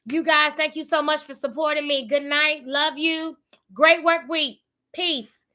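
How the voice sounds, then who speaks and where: A woman's voice: high-pitched, steady tone, measured pace, sharp tone. A woman hosting a livestream, talking casually and emphatically about faith with her viewers. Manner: emphatic, preachy, colloquial. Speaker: livestream host.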